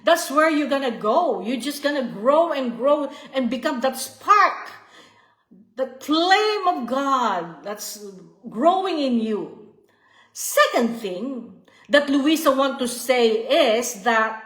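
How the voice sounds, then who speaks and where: A woman's voice: high voice, expressive, slow, echoey room. A woman giving an earnest devotional teaching, often repeating herself and checking in with "okay?" and "you see". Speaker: Bible study teacher.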